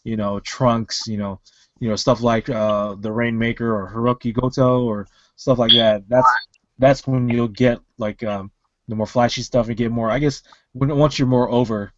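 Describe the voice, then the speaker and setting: A man's voice: mid-range voice, steady tone, moderate pace, dull audio. A man co-hosting a casual wrestling podcast over an online call, rambling with many fillers and restarts. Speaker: podcast co-host.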